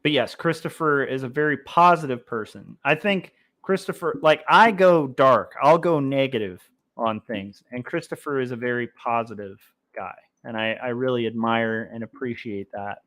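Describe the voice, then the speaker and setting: A man talks off the cuff as he works on comics during a livestream. He rambles in a casual way, full of fillers and restarts, and keeps breaking off to answer chat messages. His voice sits at an ordinary middle pitch. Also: normal speed, fairly bright tone. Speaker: livestream host drawing comics. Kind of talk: casual chat while drawing.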